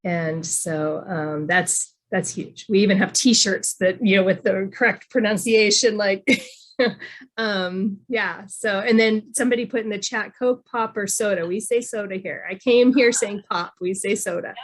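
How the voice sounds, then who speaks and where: A woman chatting casually as a guest from Reno, halting, with many fillers and restarts. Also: medium pitch. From moved to Nevada from elsewhere. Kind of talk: casual online chat.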